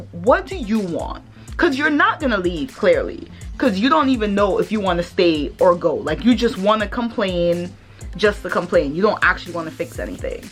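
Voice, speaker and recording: A sassy woman vlogger talking in a blunt, casual way, with a swear word here and there. Her pitch swings a lot from line to line. Soft music sits faintly behind her. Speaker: vlogger host. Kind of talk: casual vlog chat.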